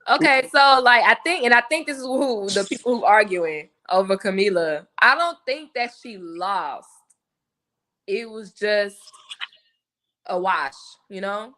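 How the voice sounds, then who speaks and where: A woman's voice: medium pitch, animated, unhurried, sharp tone. A woman co-hosting a casual reality show recap, chatty and giggly, acting out quotes.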